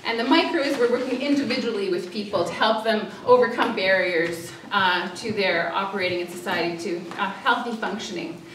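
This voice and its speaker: A woman who is a social worker gives a public talk with slides, telling a story and acting out cries for help, with many fillers and pauses. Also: medium pitch, a bit bright, slight background noise. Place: church hall. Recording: echoey hall, distant mic.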